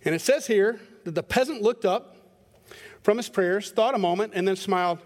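A middle-aged male pastor preaches in a relaxed, conversational way, weaving anecdotes and lightly poking fun at himself. His voice sits fairly high for a man. The sound carries a long reverb, as if spoken from the front of a church sanctuary. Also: normal speed. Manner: conversational and self-deprecating, acting out voices in stories. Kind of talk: sermon with storytelling.

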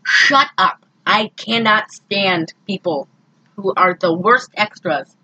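A woman co-hosting a casual podcast, recapping a movie in an animated, exasperated way. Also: medium pitch, slow pace, breathy edge, no room sound, dull audio. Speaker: podcast co-host.

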